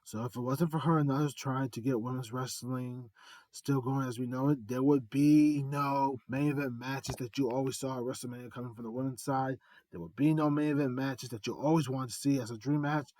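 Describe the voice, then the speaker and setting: A man's voice: mid-range voice, fairly even intonation, fairly quick, a little mellow. A man giving a rambling, earnest fan monologue, repeating himself and building up announcer-style reveals. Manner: earnest, heartfelt tribute. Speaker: art vlogger.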